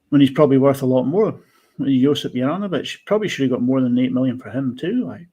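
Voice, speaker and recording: A man chatting football on a podcast in a blunt, opinionated way. He talks with animated swings and firm views. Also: mid-range voice, fast talker, breathy edge, highs cut off. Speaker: podcast co-host. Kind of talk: casual football chat.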